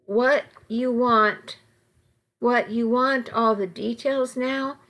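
Sheepish middle-aged husband, apologetic and a bit defensive, unhurried lines; a woman reads him. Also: fairly high pitch, steady tone, fairly bright tone, pitched above the performer's own voice. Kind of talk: audiobook dialogue reading.

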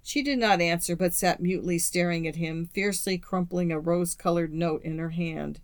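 A narrator reads a classic story at a steady, measured pace. The sound is dry and close, with no room around it. The pitch sits in an ordinary middle range. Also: dry recording. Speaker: audiobook narrator.

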